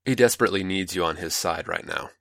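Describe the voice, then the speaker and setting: Deep-voiced guy doing a smooth scheming mentor, calm and patronizing, low and dry. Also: fast talker, no echo. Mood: coaxing. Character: smooth manipulative older male mentor.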